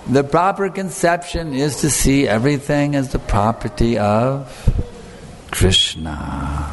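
A man's voice: medium pitch, normal speed, a little hiss or hum. A man giving an earnest devotional lecture, stressing points and putting questions to his listeners. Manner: earnest, emphatic, asks the audience questions. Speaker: spiritual teacher. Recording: long hall reverb, faint room ambience.

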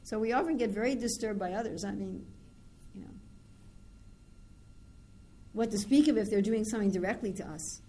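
A woman's voice: mid-range voice, normal speed, pauses often, mellow. A woman giving an informal scripture class, talking conversationally and acting out everyday dialogues. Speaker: spiritual teacher.

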